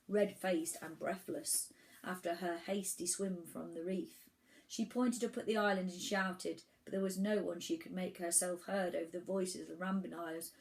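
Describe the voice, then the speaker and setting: A woman reading a children's storybook aloud, telling it in an animated way with the odd restart. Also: medium pitch, low-quality recording. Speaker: children's book reader.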